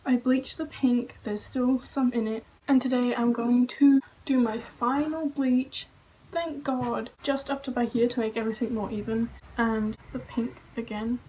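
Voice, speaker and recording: A woman's voice: fairly high pitch, steady tone, unhurried, warm tone. A young woman in a casual home vlog, talking chattily with lots of "like" and casual swearing. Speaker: vlogger. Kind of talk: casual hair-dye vlog. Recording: faint noise, mic a bit far.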